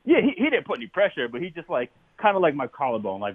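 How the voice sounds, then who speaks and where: A man chats as an interview guest, telling lively stories and breaking into laughter. His voice comes through a thin, phone-like line. The sound is dry and close, with no room around it. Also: on the high side, fast talker, no room sound. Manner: animated storyteller, laughs often. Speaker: guest, former football player. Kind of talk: casual interview conversation.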